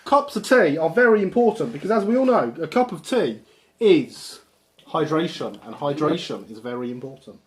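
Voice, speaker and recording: A man's voice: on the high side, moderate pace. A man hosting a casual live stream while building a model railway, joking at his own expense. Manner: self-mocking, jokey, lively.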